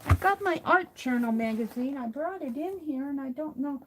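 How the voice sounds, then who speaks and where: Woman streamer, slightly high voice, unhurried crafting chatter, mutters while she works; faint noise in the recording. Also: expressive. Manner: slow, muttering to herself while working, greets chat warmly. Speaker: craft livestream host. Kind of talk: casual crafting livestream chat. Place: home craft studio.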